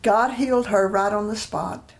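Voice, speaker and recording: A woman evangelist recounting healing stories as a guest in a TV studio. She is a lively storyteller who slips into voices for the people she quotes. Her pitch sits in a middle range. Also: moderate pace, vocal fry. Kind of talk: testimony storytelling in a TV interview.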